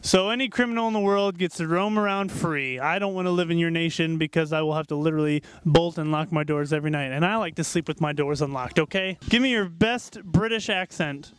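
A man's voice: fairly high pitch, fairly quick, hardly any pauses, clear, resonant tone, no echo. A man hosting a camp video, playfully interviewing children with teasing, mock-serious questions. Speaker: camp video host asking kids questions. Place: at a summer camp.

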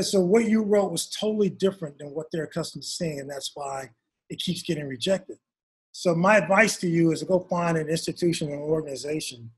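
A man's voice: a little high, slightly rough. A man, an author and guest, telling a long personal story in an interview and acting out his parents' lines.

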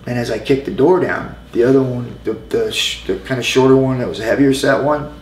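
Middle-aged man telling a story in a roomy space. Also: mid-range voice. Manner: halting, loose storytelling full of "you know" asides. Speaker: interview guest. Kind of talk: casual anecdote telling. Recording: roomy with faint ambient noise.

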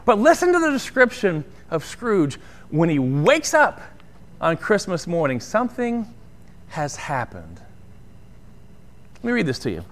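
A pastor with a high voice delivers a conversational sermon, his pitch swinging widely as he speaks at a moderate pace. He keeps checking in with his listeners, frequently asking "right?"

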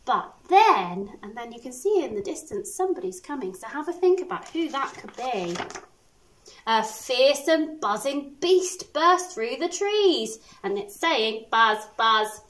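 A woman primary school teacher reading a picture book aloud to children, expressive with little asides. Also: sits high, measured pace, poor audio. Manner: animated, expressive storytelling with asides.

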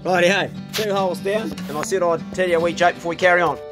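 A man's voice: high voice, steady tone, quick pace, over music. Folksy New Zealand man telling yarns. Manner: folksy storyteller, drops into put-on voices for joke characters. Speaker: vlogger. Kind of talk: casual joke-telling vlog. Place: outdoors at a house truck.

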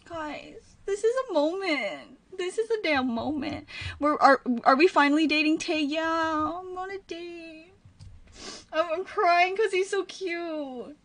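A woman's voice: very high voice, lively intonation, takes it slowly, recorded from a distance. A young woman streaming a reaction video, gushing and emotional, at times close to tears. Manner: gushing, emotional, swings to near tears and whispers. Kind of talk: excited reaction commentary.

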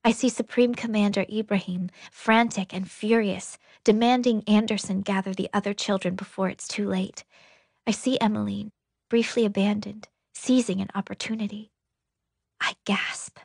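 A woman narrating a novel in an intimate, breathy, half-whispered audiobook reading. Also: mid-range voice, steady tone, moderate pace, a little mellow, dry recording, clean studio sound.

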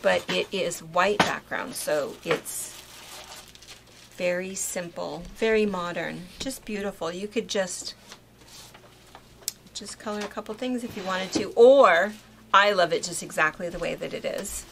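A woman's voice: fairly low pitch, unhurried, gravelly, a bit bright, slight background noise, rough recording. A woman presenting quilting fabrics in a casual video, explaining and sharing sewing tips. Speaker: quilt shop co-host. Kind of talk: casual product showcase.

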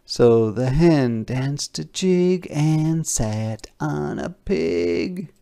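A man reading a children's picture book aloud in a slow, sing-song storytelling manner, putting on animal sounds. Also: a little high, expressive, vocal fry, mellow. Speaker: storybook reader.

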